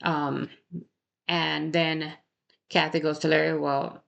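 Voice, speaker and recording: Woman, low voice, vocal fry, casual true crime storytelling, chatty, indignant asides. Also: level tone, slow pace, fairly bright tone, highs cut off. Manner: conversational, frequent "right?" tags, indignant asides.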